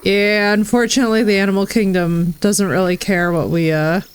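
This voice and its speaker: A woman's voice: medium pitch, fairly even intonation, fairly quick, clean tone. A woman commenting live on a game she is playing. She talks in effusive, exclamation-filled bursts. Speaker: game streamer. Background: faint game music.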